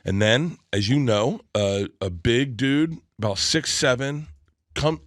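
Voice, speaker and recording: A middle-aged man telling a comic story as a guest, excitable and animated, often laughing mid-story. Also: medium pitch, takes it slowly, no echo, clean studio sound. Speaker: comedian guest.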